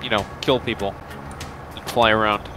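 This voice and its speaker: A man's voice: lowish voice, steady tone, moderate pace, noisy background. A young man chatting casually with friends while playing a game, joking, swearing and laughing a lot. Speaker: gamer. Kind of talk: casual gaming chat with friends.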